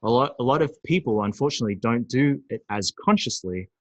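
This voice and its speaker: A man presenting a recorded webinar on emotions, animated and acting out angry outbursts. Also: mid-range voice, a little fast, dry recording, low-quality recording. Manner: animated, acts out angry voices.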